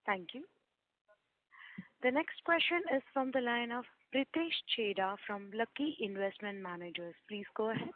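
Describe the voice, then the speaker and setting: A woman's voice: fairly high pitch, normal speed, dry recording. A woman with an Indian English accent moderating a conference call, making polite, formal announcements. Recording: tinny phone line.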